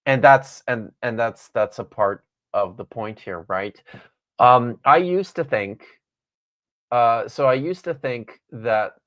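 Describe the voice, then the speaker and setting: A man's voice: on the low side, a bit bright, highs cut off. A man, a guest author and Bible scholar, talking in a podcast conversation and reading from his own book, thoughtful and wry with frequent restarts.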